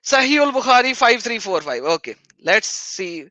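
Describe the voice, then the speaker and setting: A man's voice: very high voice, very animated, normal speed, bright, forceful tone, no echo, low-quality recording. A man hosting a live-stream debate chat, taunting and sarcastic, often laughing mockingly. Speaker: livestream host.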